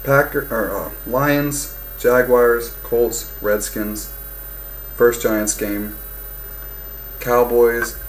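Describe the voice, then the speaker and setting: A man's voice: mid-range voice, steady tone, extremely slow, long pauses, a little hiss or hum, poor audio. Fired-up man ranting about football. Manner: heated, profane, swings between loud outbursts and muttering. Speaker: fan vlogger. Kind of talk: casual sports rant.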